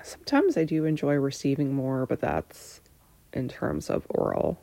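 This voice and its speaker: A woman in her thirties candidly answering personal questions, hesitant and full of pauses, sometimes dropping into a breathy near-whisper. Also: rumbling low, sing-song, warm tone, no room sound.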